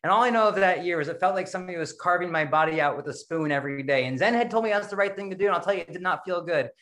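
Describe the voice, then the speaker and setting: A middle-aged man giving a casual, rambling dharma talk over a video call, self-deprecating and quick to laugh at himself. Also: high-pitched, a bit bright. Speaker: Zen practice leader giving a dharma talk.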